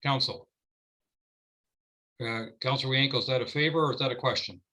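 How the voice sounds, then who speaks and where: Bright-voiced man chairing a council meeting. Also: mid-range voice, fairly even intonation, low-quality recording. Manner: repeats words, halting restarts.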